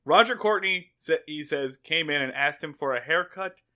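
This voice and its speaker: Wry, bright-voiced male podcast co-host. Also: fairly high pitch, normal speed. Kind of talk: casual chat recapping a sitcom episode.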